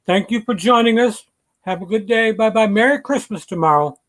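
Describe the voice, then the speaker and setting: A man's voice: high voice, fairly quick, fairly bright tone. A man hosting a casual livestream chat, rambling and reading out viewer comments. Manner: rambling, chatty. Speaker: livestream host.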